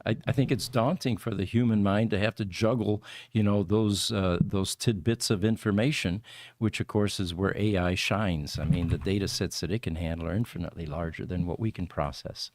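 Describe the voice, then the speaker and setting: A man's voice: low-pitched, fairly even intonation, moderate pace, darkish tone, no room sound, studio quality. A man hosting a livestreamed podcast, chatting casually and rambling through explanations with many fillers. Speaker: podcast host.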